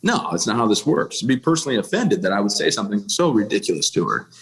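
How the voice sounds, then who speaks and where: A man in his thirties from the United States speaks as a podcast guest, telling his own story candidly. His voice sits a little low, and his delivery is blunt and plainspoken, full of restarts and casual fillers. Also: very animated, fast talker, a crowd in the background. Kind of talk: candid personal storytelling in a conversation.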